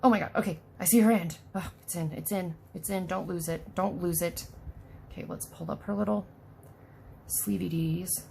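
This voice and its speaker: A woman's voice: fairly low pitch, steady tone, normal speed, creaky, darkish tone, slight background noise. A woman hosting a casual unboxing video, chatty and self-deprecating, talking to the doll as she works. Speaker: unboxing vlogger.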